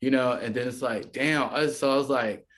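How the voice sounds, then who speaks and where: A man's voice: mid-range voice, normal speed, a bit bright. A man talking as a podcast guest in a loose, casual way, full of fillers and little acted-out quotes. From United States. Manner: rambling, filler-heavy, often acts out quoted voices.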